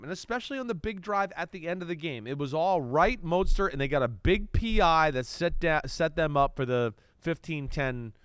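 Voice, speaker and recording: A man co-hosting a casual football podcast, breaking down plays and getting excitable when he calls live action. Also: on the high side, clear, resonant tone, dry recording, clean studio sound. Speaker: podcast host, former NFL quarterback.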